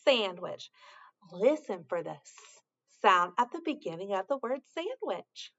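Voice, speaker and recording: A woman's voice: medium pitch, very animated, normal speed, fairly bright tone, dull audio. A woman teaching a sound to young children in a patient, encouraging way, with sing-song praise and carefully spelled-out sounds.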